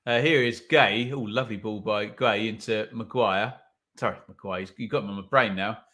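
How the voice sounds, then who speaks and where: A man's voice: fairly low pitch, normal speed, sharp tone. A man hosting a live football watch-along, commenting on play and reading viewer comments with wry asides.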